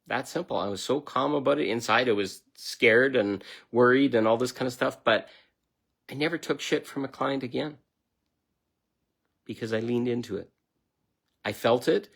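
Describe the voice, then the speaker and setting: Middle-aged man, self-help talk, gravelly, blunt, emphatic, swears freely. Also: mid-range voice, moderate pace, pauses often, a bit bright. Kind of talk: motivational self-help monologue.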